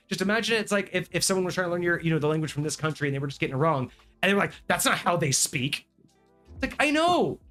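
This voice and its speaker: Man, podcast host, fairly high voice, exasperated, swears a lot, soft music behind. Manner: animated, exasperated ranting, swears freely. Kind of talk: casual chat.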